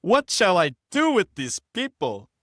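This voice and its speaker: A man voicing an agitated Moses with a put-on Jamaican lilt, high and strained. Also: wildly swooping pitch, a little slow, a bit bright, no room sound, studio quality, full character voice. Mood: exasperated.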